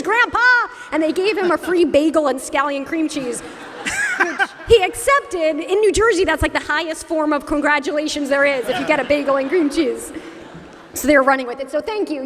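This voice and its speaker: A woman's voice: high voice, a bit bright, a little hiss or hum. A woman moderating a convention panel, telling a story in a chatty, amused way. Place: large convention hall. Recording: roomy hall reverb.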